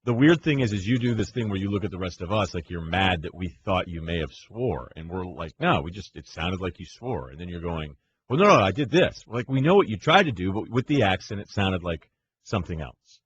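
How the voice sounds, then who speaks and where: A man's voice: low voice, expressive, brisk, a little hiss or hum. A man co-hosting a sports radio show, making his points in an emphatic, opinionated way. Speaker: co-host. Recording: slightly dull studio sound.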